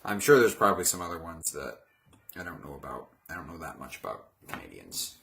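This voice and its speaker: Deep-voiced man rambling while he works. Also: big pitch swings, fairly quick, vocal fry, fairly bright tone. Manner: chatty, wandering, self-mocking asides. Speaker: crafter livestreaming a build. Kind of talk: rambling casual livestream chat.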